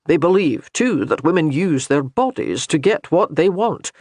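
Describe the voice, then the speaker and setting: A man doing a kindly, gently teasing old priest. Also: fairly high pitch, sing-song, moderate pace, no room sound. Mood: reassuring.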